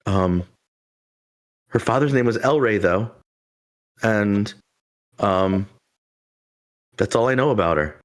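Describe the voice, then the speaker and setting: A man's voice: on the low side, animated, slow, pauses often. A man narrating as game master of a tabletop game, loose and rambling, with lots of "like" fillers.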